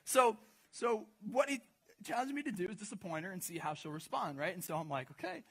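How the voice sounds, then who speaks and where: A man's voice: high-pitched, brisk, fairly bright tone, breathy edge. A young man preaching to a congregation in a casual, joking storytelling way, full of asides and questions to the crowd. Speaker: pastor speaking to a congregation. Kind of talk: storytelling sermon.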